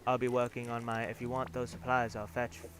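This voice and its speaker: A man reading as a gruff, bossy worker. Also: mid-range voice, completely flat delivery, brisk, a little hiss or hum, natural voice. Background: game music.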